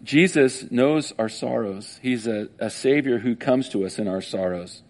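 A man's voice: mid-range voice, a little slow. A man preaching a sermon, retelling a story with feeling and acting out the voices of its people. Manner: emotional, animated storytelling with acted-out voices. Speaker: pastor.

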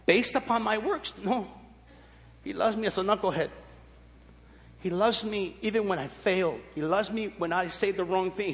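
A man's voice: high-pitched, long reverb tail. Emphatic preacher man in his sixties. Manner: emphatic, repetitive, folksy. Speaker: pastor. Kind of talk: sermon.

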